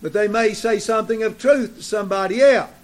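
An older man preaching a sermon to his congregation, deliberate and repetitive, with occasional fillers. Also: high voice. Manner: slow, deliberate preaching with repeated phrases and fillers.

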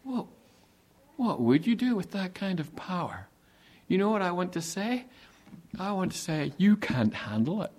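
A pastor's voice, sitting high with a breathy edge, carries an animated sermon. He asks rhetorical questions and draws out key words by slowing his delivery.

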